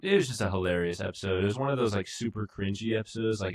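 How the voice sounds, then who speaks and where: Low-voiced man rambling through a TV review. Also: quick pace. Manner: rambling, full of fillers. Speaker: podcast co-host. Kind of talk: casual review chat.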